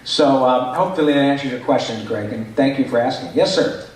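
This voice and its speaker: A man, a voice actor, answering fan questions at a convention panel in an animated way, now and then slipping into character voices. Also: medium pitch, brisk, slight background noise. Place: large echoey convention hall. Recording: echoey hall picked up from far off.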